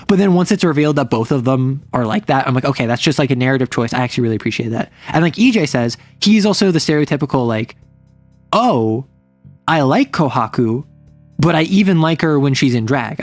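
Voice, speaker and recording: A woman's voice: deep voice, a little mellow, dry recording. Rambling woman streamer, faint music behind. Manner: rambling, filler-heavy, acts out quoted lines. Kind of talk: casual chat about romance stories.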